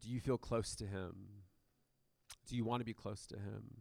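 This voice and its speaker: Pastor guy giving a chatty sermon, lowish voice, dry sound, lots of ums. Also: steady tone, normal speed, gravelly, dark tone, no room sound. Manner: conversational, many fillers and restarts.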